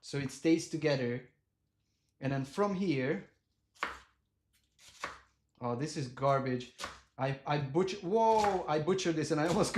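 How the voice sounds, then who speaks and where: A man chatting casually on a live cooking stream, animated and self-mocking, laughing often and reading viewer comments aloud. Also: on the high side, slight background noise. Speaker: livestreamer.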